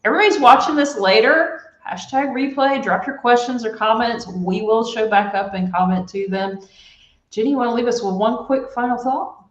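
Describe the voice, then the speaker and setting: A woman's voice: fairly high pitch, moderate pace, highs cut off. Upbeat woman host in echoey room. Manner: upbeat, addresses viewers directly. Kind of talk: live online interview wrap-up. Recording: roomy echo.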